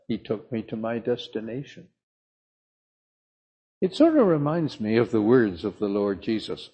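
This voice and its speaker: An older man from the south of England, preaching a sermon in a slow, emphatic storytelling manner. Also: mid-range voice, very animated, mellow, breathy edge.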